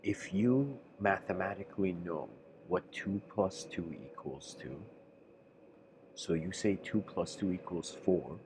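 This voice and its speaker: A man giving a livestreamed spiritual lecture, musing and halting, often restarting his sentences. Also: low voice, darkish tone, a little hiss or hum, low-quality recording.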